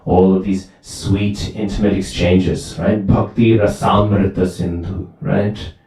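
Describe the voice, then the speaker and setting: Male temple speaker, lively storyteller, low and mellow, recorded from a distance in a reverberant hall. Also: slow, faint music behind. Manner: lively storytelling, asks "right?" often. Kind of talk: sermon with storytelling. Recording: very echoey hall, far from mic.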